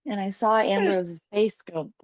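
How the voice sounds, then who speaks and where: A woman's voice: mid-range voice, steady tone, measured pace, dry recording. A young woman telling a personal story as a podcast guest, candid and emotional, swearing freely and laughing often. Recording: dull, dry, lo-fi podcast sound.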